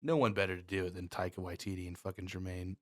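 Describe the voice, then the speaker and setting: A man's voice: sits low, fairly even intonation, quick pace, a bit bright. A man co-hosting a podcast in casual chat, laid-back, swearing freely and laughing easily. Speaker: podcast co-host.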